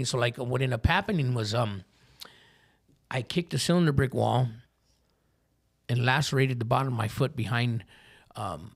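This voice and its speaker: Fast, gravelly man telling a rough story. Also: mid-range voice. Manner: profane street slang, keeps asking "you know what I mean". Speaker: podcast guest. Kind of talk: candid recovery storytelling.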